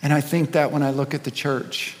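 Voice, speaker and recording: This senior pastor preaches briskly in a fairly high, level-toned voice. His sermon leans on storytelling and climbs and falls in intensity, and the church auditorium gives it a long hall reverb.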